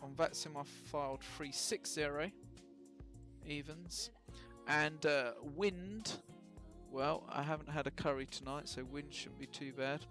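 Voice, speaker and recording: A man's voice: on the high side, fairly even intonation, a little slow, fairly bright tone, soft background music. A man casually talking through his flight sim setup on a live stream, chatty and full of ums and self-mocking jokes.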